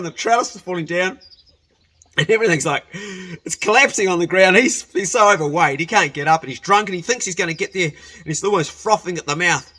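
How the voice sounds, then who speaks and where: A man's voice: fairly high pitch, fairly bright tone, slightly rough. A man telling a rambling personal story in a casual way, often correcting himself and laughing as he goes.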